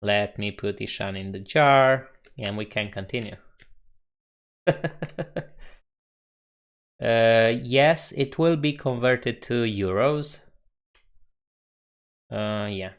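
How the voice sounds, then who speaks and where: A man chatting casually on a live coding stream, reading viewer comments aloud with a relaxed manner and frequent chuckles. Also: medium pitch, slow pace, long pauses, clean tone. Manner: relaxed, chuckles often, reads chat aloud.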